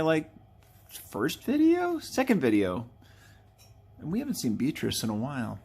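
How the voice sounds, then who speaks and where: A man hosts a live drawing video, chatting casually in a rambling, playful manner and correcting himself as he goes. His voice is medium-pitched and a little mellow.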